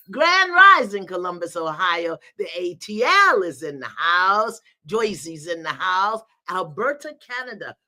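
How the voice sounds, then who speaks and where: A middle-aged woman hosts a live online gathering, calling out viewers' hometowns with playful energy. Her voice sits fairly low yet sounds bright and forceful. Her pitch swoops widely as she talks. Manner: lively, playful, call-outs with "in the house". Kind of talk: live-stream greeting viewers by location.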